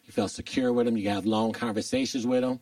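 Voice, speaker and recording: A man's voice: mid-range voice, fairly even intonation, quick pace, a little mellow, no echo, distant mic. A man performing stand-up comedy, questioning and teasing the audience. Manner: crowd work, questioning the audience.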